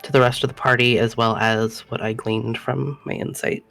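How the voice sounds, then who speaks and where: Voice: mid-range voice, level tone, moderate pace, creaky, a bit bright, soft background music. A player in a tabletop game, talking casually and a little hesitantly. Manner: hesitant, with repeated words.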